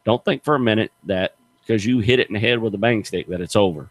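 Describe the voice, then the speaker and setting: A lowish male voice comes quickly, with no room sound. The middle-aged radio show host and gator hunter spins stories during casual radio chat, animated, folksy, and emphatic in delivery.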